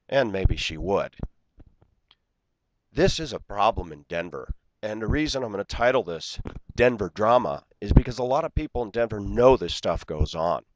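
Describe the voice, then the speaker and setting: A man's voice: fairly low pitch, expressive, moderate pace, a little mellow, dull audio, a little hiss or hum. A man in his forties telling an aggrieved story in an indignant, ranting way, acting out the dialogue. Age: 40s. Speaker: vlogger.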